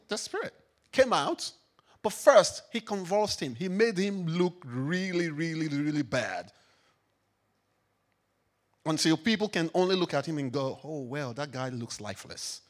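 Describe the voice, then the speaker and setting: Swinging from booming declarations to hushed reflection, a man preaches emphatically as pastor in a slightly high voice.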